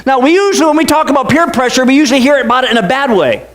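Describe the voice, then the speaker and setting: A man's voice: very high voice, lively intonation, very fast, fairly bright tone. A man preaching a casual, joking sermon as pastor, with many asides and restarts. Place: church.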